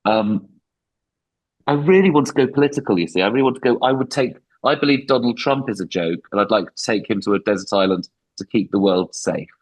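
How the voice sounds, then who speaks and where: A man's voice: lowish voice, brisk, rough recording. A middle-aged man, a comedian guest on a podcast, talking in a rambling, self-deprecating way. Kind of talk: podcast interview.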